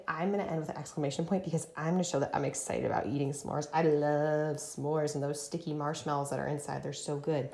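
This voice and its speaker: Woman teacher for a young kids' writing lesson, lowish voice, sounds out words slowly, echoey room. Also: warm tone. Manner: slow and encouraging, sounding out words. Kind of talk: early-grade writing lesson.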